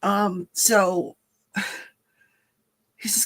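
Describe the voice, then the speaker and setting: A woman's voice: medium pitch, lively intonation, a little slow, creaky, pauses often, a bit bright. An older woman, a grandmother, chatting casually as host of a livestream, rambling and correcting herself as she tells a story.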